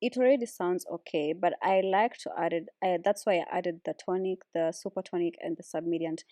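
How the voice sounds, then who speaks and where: A woman casually explaining how she builds vocal harmonies, relaxed and chatty with lots of fillers. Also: lowish voice, a little fast, no room sound, clean studio sound. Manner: relaxed, with many fillers like "like" and "so, yeah". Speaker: a cappella vocalist teaching harmony. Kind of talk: casual music tutorial.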